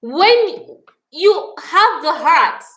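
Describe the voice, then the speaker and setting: A woman's voice: very high voice, sing-song, extremely slow, pushed and bright, low-quality recording. A Nigerian woman hosting a live stream, talking with passion and indignation, answering viewers' comments and repeating phrases for emphasis.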